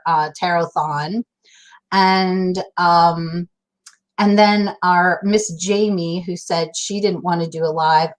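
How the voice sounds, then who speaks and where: Casual woman, live-stream host, chatty, laughs easily. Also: lowish voice. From Massachusetts, USA. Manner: chatty, laughing, greets viewers by name.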